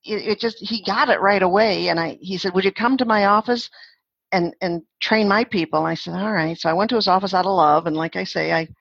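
Husky older woman, chatty storyteller. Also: mid-range voice, brisk, fairly bright tone, no echo, lo-fi sound. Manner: chatty, laughing, acts out quoted voices. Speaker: guest, phone-skills trainer. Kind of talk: podcast interview storytelling.

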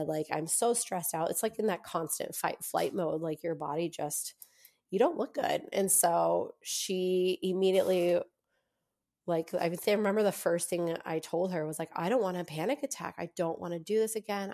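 A young adult woman telling her own story as a podcast guest, chatty, with lots of fillers and quick laughs. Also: fairly low pitch, mellow. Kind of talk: casual storytelling in an interview.

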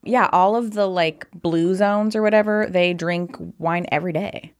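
A young adult woman co-hosting a casual podcast, enthusiastic and quick to chime in with agreement. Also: lowish voice, steady tone, clean tone. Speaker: podcast co-host. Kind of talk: casual chat.

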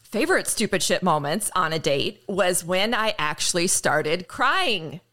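Lively, bright-voiced woman host. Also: fairly low pitch, a little slow. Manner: animated storytelling, laughs often. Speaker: podcast host. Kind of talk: casual chat.

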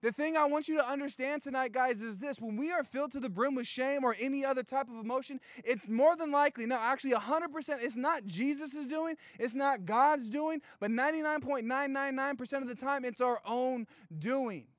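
Young male youth pastor, high voice, dry close sound, lively joking sermon. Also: brisk, few pauses, no echo. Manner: animated storytelling with playful asides and slang.

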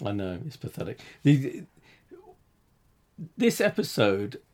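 A man co-hosting a talk show, giving halting, critical opinions with many restarts. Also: medium pitch, big pitch swings, a little mellow. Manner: halting, restarts, rising when frustrated. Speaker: podcast co-host. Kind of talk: casual critical discussion.

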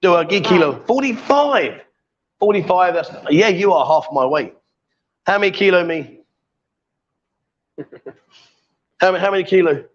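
A man's voice: high-pitched, expressive, a little slow, pauses often, highs cut off. A man hosting a casual live stream, teasing and joking as he reads out viewer comments. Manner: jokey, teasing, coaxing. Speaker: livestream host.

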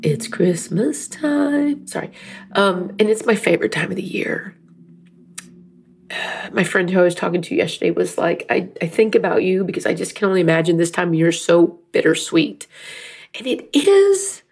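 A woman's voice: on the low side, steady tone, brisk, gravelly, slightly rough. A middle-aged woman talking candidly about faith and grief, emotional and rambling, teary at times. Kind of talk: personal faith talk.

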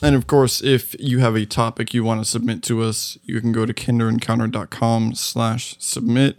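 Man, podcast co-host, gravelly voice, dry close sound, relaxed chat. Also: medium pitch, moderate pace, no room sound.

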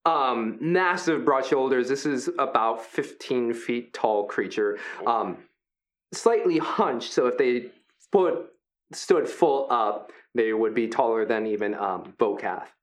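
A man's voice: medium pitch, lively intonation, takes it slowly. Casual male game master narrating. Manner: casual, hesitant, filler-heavy description.

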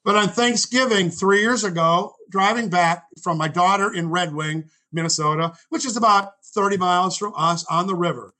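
A man in his sixties with a high, bright voice spins a rambling personal story as a guest. He stops often to correct himself. He acts out the people he quotes. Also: steady tone, normal speed, few pauses, poor audio. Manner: rambling, self-correcting anecdotes. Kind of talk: storytelling in conversation.

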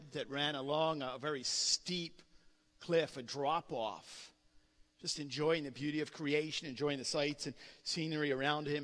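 Preacher guy, earnest sermon storytelling, high bright voice, lots of hall echo. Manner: earnest storytelling with frequent restarts. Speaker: pastor. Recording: long hall reverb.

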